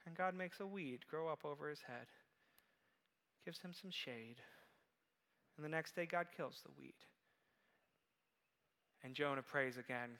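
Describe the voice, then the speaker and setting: A man preaching a sermon, telling a story in a lively way and acting out the quoted voices. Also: sits high, moderate pace, long pauses, big-room sound. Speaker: pastor.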